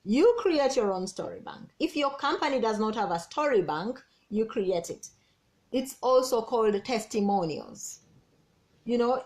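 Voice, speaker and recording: A woman, a business coach giving an energetic, persuasive team training talk and repeating key words. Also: fairly high pitch.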